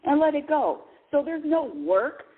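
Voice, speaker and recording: This radio host has a high, sing-song voice and a measured pace. She runs a call-in show, stressing her points and frequently repeating herself, and the audio sounds tinny like a phone line.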